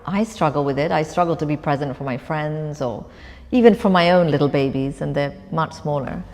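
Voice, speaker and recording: Speaking onstage in a live conversation, this woman author shares a personal story with reflection and frequent laughter. Her voice sits low with a darkish tone and moves fairly quickly, carrying the long reverb of the event hall.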